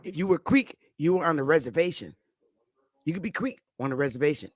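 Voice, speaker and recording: A woman with a Northern US accent giving blunt, animated, casual commentary as host, swearing freely. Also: low voice, brisk, dry recording. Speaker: channel host.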